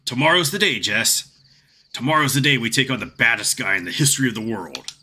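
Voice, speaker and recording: A man's voice: mid-range voice, lively intonation, a little fast, bright, forceful tone, slight background noise. A man voicing a cocky, boastful young swordsman from a fantasy game, delivering his lines brashly.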